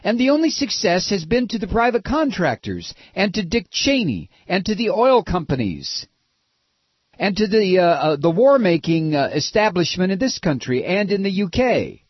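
A sarcastic American man hosts a political talk radio show, his voice slightly raised and lively in pitch. He mocks and rants, jumping from shouts to muttered asides. The sound is dry and dull, like a lo-fi broadcast. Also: normal speed, slightly rough, no room sound. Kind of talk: opinionated talk radio monologue.

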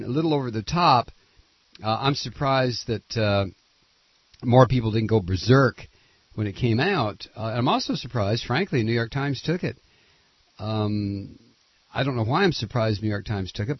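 A man hosting a political talk radio show, indignant and sarcastic, halting often with fillers and restarts. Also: mid-range voice, lively intonation, husky, no room sound, dull audio.

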